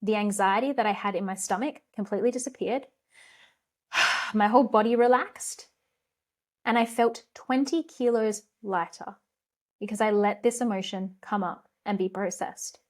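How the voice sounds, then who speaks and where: A woman's voice: mid-range voice, normal speed, a little mellow. A woman hosting her own podcast, giving a passionate, earnest motivational talk with frank, casual swearing. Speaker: podcast host and coach.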